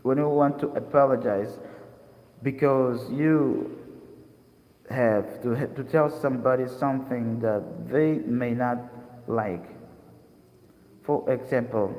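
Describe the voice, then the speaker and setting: Man, young adult, from Mozambique, English lesson, deliberate reading, roomy echo. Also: mid-range voice, a little mellow. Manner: slow, careful reading with restarts. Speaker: English teacher. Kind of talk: reading a dictionary aloud as a lesson. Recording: echoey room with long reverb.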